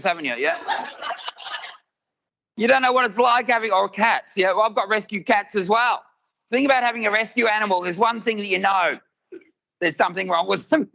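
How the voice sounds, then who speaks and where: A man's voice: high voice, gravelly, sharp tone, rough recording. A man, telling stories in a live stand-up routine and acting out both sides of the dialogue. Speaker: stand-up comedian. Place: live comedy venue with audience.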